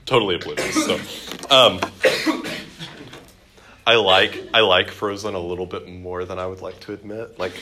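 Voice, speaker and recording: A man's voice: sits low, fairly even intonation, moderate pace, long pauses, bright, forceful tone, slight background noise. A man teaching a Bible class in a classroom, chatty and jokey, with many fillers and restarts. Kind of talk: classroom teaching with joking asides.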